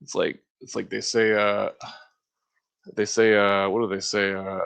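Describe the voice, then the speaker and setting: A man's voice: fairly low pitch, flat delivery, unhurried, a bit bright. Profane rambling man ranting on a podcast. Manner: profane, meandering, full of filler and throat-clearing; mocking sneer when imitating opponents. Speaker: podcast host. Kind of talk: rambling solo rant.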